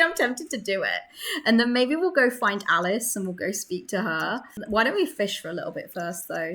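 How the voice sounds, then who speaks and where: A young woman chatting excitedly while playing a life-sim game, laughing often. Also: medium pitch. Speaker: gaming creator. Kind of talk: casual gameplay commentary.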